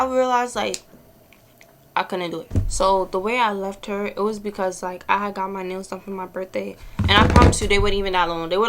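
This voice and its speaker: A woman's voice: medium pitch, fairly bright tone, slight background noise. A young woman, telling a blunt, exasperated storytime in a casual vlog, swearing freely. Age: early 20s. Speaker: vlogger.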